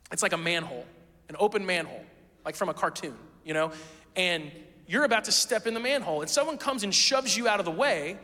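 Bright-voiced casual pastor preaching. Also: male voice, sits high, long reverb tail. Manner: casual, conversational preaching with rhetorical questions. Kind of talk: sermon.

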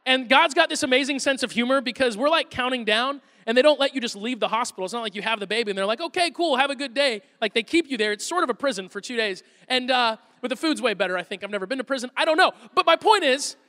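A pastor in his thirties preaches an Easter sermon in a church auditorium, sharing funny stories about his kids with self-deprecating asides. His voice is very high and sharp, and the large hall gives a long reverb.

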